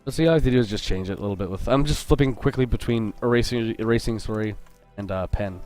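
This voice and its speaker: A man's voice: lowish voice, fast talker, darkish tone, faint music behind. A man hosting a live drawing stream as a game artist, chatty and upbeat, greeting viewers and joking as he sketches. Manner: joking and self-interrupting. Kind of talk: casual livestream chat while drawing.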